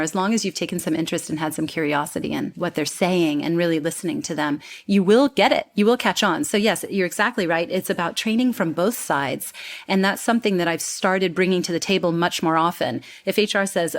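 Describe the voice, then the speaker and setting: Animated woman coach. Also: on the low side, fairly quick. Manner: animated, demonstrates pronunciations and quotes people. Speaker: communication coach, interview guest. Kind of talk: conversational interview.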